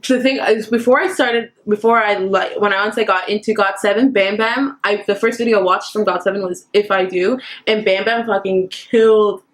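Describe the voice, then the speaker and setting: A young woman in casual vlog chat, telling a story in an excitable, giggly way. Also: medium pitch, normal speed, hardly any pauses. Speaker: vlogger.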